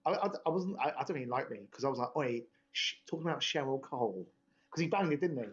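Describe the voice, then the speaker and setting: A man's voice: medium pitch, quick pace. A young man, telling a rambling, sweary story in laddish podcast chat. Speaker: podcast host. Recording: dull lo-fi podcast audio.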